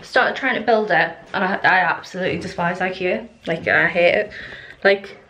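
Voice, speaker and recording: A woman's voice: on the low side, normal speed, bright, forceful tone, a little hiss or hum. A woman in her twenties talking casually to the camera as she walks around her new home, rambling and filling gaps with "like". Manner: chatty and rambling, many "like" fillers. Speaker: lifestyle vlogger. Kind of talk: casual vlog chat to camera. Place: indoors in a newly moved-into house.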